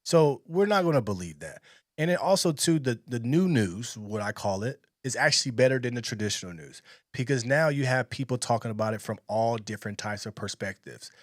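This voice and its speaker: A man's voice: medium pitch, animated, a little fast, no room sound, studio quality. A man giving blunt, emphatic commentary in reaction to a video clip. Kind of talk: casual opinion commentary.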